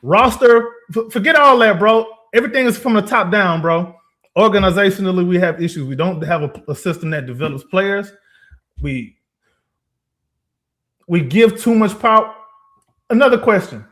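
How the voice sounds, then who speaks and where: A man's voice: high voice, moderate pace, fairly bright tone. Fired-up, emphatic man with a raised voice. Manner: emphatic, fired-up rhetorical questions with frequent laughs. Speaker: podcast co-host. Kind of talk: casual sports chat.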